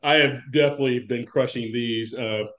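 A man's voice: mid-range voice, steady tone, a little fast, fairly bright tone. A man co-hosting a casual podcast, joking and poking fun at himself. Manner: joking, self-mocking. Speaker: podcast co-host.

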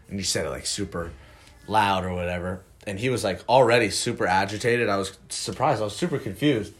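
A young man from Northern California co-hosts a podcast, spinning a loose, swear-filled story with frequent restarts. His voice sits a touch low, and he talks in an easy, casual way. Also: fast. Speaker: podcast co-host.

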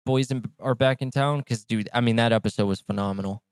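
A man's voice: mid-range voice, fast talker, clear, resonant tone, no room sound. A man co-hosting a podcast in casual chat, laid-back and blunt, with some swearing. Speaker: podcast co-host.

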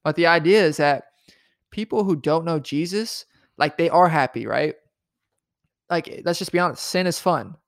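A man's voice: a little high, moderate pace, creaky, long pauses, no echo, clean studio sound. A man co-hosting a podcast, talking earnestly and casually about faith, often tagging thoughts with "right?". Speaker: podcast co-host.

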